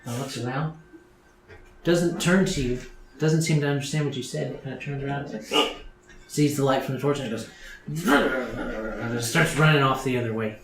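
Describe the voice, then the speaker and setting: A man's voice: medium pitch, gravelly, a crowd in the background. Man running a tabletop game, roomy sound. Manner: halting, filler-heavy scene description. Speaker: game master. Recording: roomy sound with music behind.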